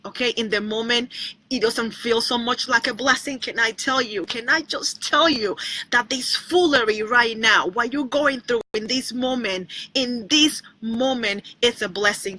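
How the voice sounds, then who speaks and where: A woman's voice: on the high side, bright, forceful tone, dry recording, rough recording. A woman preaching a sermon in an emphatic way, repeating lines, asking rhetorical questions and breaking into sung snippets.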